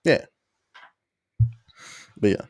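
A man's voice: very slow, dry recording, studio quality. A man hosting a podcast in casual chat, crude and laughing as he tells stories. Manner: crude, laughing, animated storytelling. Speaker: podcast host.

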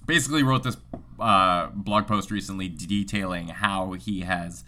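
A man's voice: sits low, moderate pace, sharp tone, a little hiss or hum. A man co-hosting a casual podcast chat, laughing often and swearing casually. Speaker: podcast co-host.

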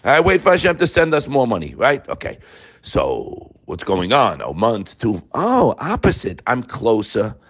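A man in his sixties giving an inspirational Torah talk, telling stories with swings between quiet and emphatic moments. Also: mid-range voice, unhurried. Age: 60s. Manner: animated storyteller, swinging from quiet to loud. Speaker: Torah teacher.

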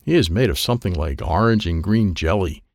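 Gravelly man reading a children's book. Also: deep voice, lively intonation, a little fast, no echo, studio quality. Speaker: audiobook reader.

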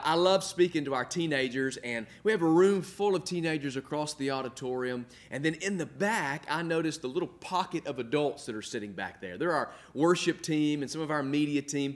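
A middle-aged man preaching with a voice pitched a little above the usual male range. He builds his points through repetition, leans on key words by drawing them out, and speaks as if addressing viewers directly through the camera from an indoor room. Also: fairly bright tone. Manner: earnest preaching with emphatic repetition, slowing for stress. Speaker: pastor. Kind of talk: sermon. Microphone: filmed for online viewers.

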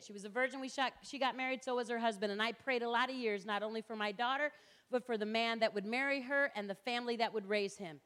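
A fast-talking middle-aged woman addresses a lecture hall in a voice on the high side, fairly bright and steady in tone. Her public lecture is passionate, punchy and direct, and she acts out the people she quotes.

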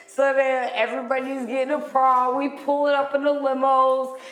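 Animated, profane woman telling a story. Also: high-pitched, normal speed, reverberant. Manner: animated, profane, acts out quotes loudly. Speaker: podcast co-host. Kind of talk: casual storytelling chat.

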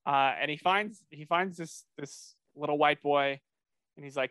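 Podcast co-host, man, slightly high and sharp-toned, chatty, lots of ums and restarts. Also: a little slow, smooth, no room sound. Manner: rambling, many fillers and restarts. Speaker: podcast co-host recapping episodes. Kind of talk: casual podcast chat.

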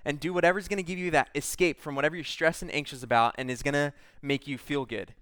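A man's voice: fairly high pitch, fairly even intonation, quick pace, fairly bright tone, clean tone, no echo. A man preaching a sermon, reading scripture aloud and stopping to explain it in a conversational way. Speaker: pastor.

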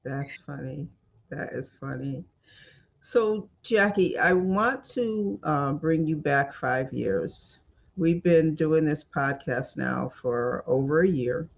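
A man hosting a podcast, asking gentle probing questions and sharing reflective personal stories. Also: medium pitch, vocal fry, highs cut off. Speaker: podcast host. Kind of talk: podcast interview.

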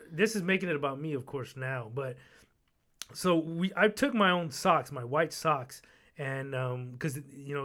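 Male podcast host, higher-pitched, loose and rambling storyteller. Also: fairly bright tone. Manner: rambling, full of fillers and restarts. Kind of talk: casual storytelling.

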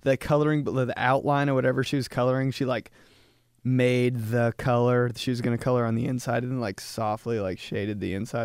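A young man hosting a podcast, riffing through a casual comedic monologue, laughing often and jumping into high put-on voices when he quotes people. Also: level tone, a little fast, darkish tone, clear, resonant tone, dry recording. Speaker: podcast host.

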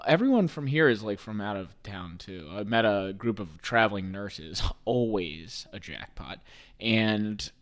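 A man in his thirties hosts a podcast in loose, casual sports talk, with a fairly low voice. He rambles, curses freely and jokes his way through each point. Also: animated, unhurried, a bit bright. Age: 30s. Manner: profane, rambling, joking. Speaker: podcast host.

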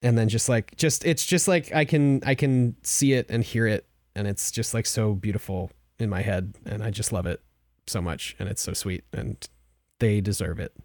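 Halting, heartfelt male podcast co-host. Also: fairly low pitch, a little mellow, no room sound, studio quality. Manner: halting, restarts often, emotional. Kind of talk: casual book discussion.

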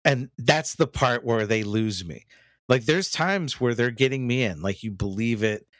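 A man's voice: mid-range voice, normal speed, fairly bright tone, dry recording, studio quality. A man chatting casually as a podcast co-host, candid and profane, often restarting his sentences. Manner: candid, profane, mimics lines while he talks. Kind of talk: casual chat.

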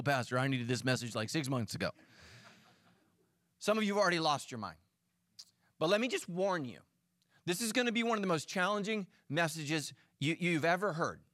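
A middle-aged man, a lead pastor, preaching a sermon in a joking, animated, self-mocking way. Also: on the high side, dry recording, studio quality. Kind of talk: sermon with storytelling.

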